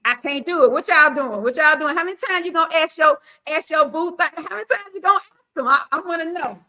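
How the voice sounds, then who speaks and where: Bright high-voiced sassy woman host. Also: quick pace. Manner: animated, sassy, preachy asides. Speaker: podcast host. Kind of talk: casual panel chat.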